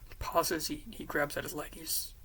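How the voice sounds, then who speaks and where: A woman casually retelling an episode pitch, rambling with quick asides and swearing, in a whispery, gravelly voice. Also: little pitch movement, a bit bright, poor audio. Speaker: fan pitch presenter.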